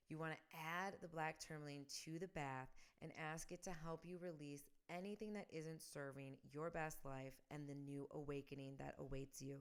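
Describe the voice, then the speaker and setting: Woman, podcast host, low smooth voice, upbeat and encouraging. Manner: enthusiastic, affirming, leads listeners in repeated affirmations. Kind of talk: spiritual podcast talk.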